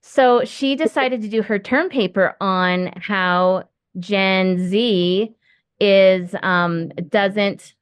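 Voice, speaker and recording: A woman's voice: medium pitch, drawn-out words, clear, resonant tone, no echo, studio quality. A middle-aged woman hosting a podcast from home, talking in a chatty, rambling way with many fillers. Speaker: podcast host. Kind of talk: casual interview conversation.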